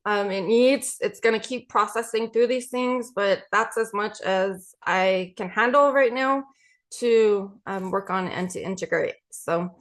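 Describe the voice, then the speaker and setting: Soft-spoken woman coach doing tapping affirmations, slow and gentle with lots of ums. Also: medium pitch. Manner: gentle, repeats affirmations slowly with many ums. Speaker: podcast host and EFT coach.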